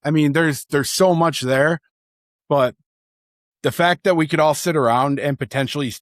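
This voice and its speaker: A man from the Chicago area, co-hosting a sports podcast and telling anecdotes in a casual, animated way with lots of fillers. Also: on the high side, normal speed, no room sound, clean studio sound. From Chicago area, USA. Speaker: podcast co-host. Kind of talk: casual chat, storytelling.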